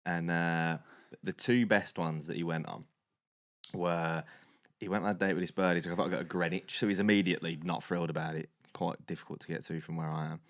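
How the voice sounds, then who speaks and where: Man, young adult, very low voice, dead-dry sound, animated podcast storyteller. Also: fairly quick, no echo. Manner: animated, swearing, acts out quotes loudly. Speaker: podcast co-host. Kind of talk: casual storytelling chat.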